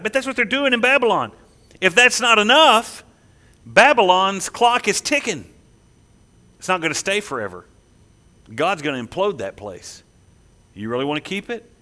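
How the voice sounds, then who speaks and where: A man preaching a sermon, emphatic, swinging between loud declarations and hushed asides. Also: sits high. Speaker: pastor.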